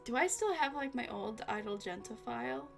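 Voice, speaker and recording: A woman's voice: fairly high pitch, animated, normal speed, gravelly, soft background music. A tired woman streaming casually, rambling to herself and her chat with little laughs. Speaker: vtuber streamer.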